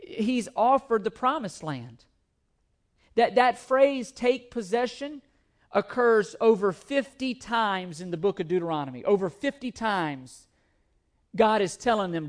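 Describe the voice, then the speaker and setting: Emphatic high-voiced male preacher. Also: lively intonation. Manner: emphatic, repeats words, shifts between slow reading and quick asides. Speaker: pastor. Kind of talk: sermon.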